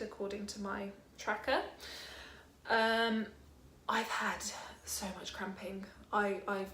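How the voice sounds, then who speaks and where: A woman's voice: medium pitch, fairly bright tone, slight background noise. Rambling young British woman, echoey room. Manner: rambling, hesitant, lots of ums. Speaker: vlogger. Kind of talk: casual chat to camera.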